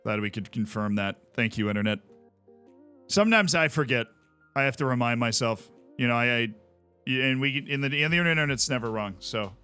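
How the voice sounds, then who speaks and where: A man's voice: medium pitch, expressive, fairly quick, sharp tone, clear, resonant tone, faint music behind. A man streaming a sports management game, chatting wryly with his viewers. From Tampa, Florida. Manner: wry, chatty, talks to chat. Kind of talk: casual game commentary.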